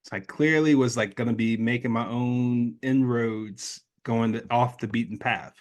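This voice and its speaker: Here a late-thirties man being interviewed speaks at medium pitch and a moderate pace. Telling a personal story with lively animation, he imitates the voices of those he quotes.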